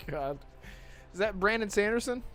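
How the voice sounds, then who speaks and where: A man hosting a gaming podcast in casual chat, excitable and laughing often as he rants. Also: high-pitched, measured pace, soft background music. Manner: excitable, laughs often, swears while ranting. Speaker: podcast host.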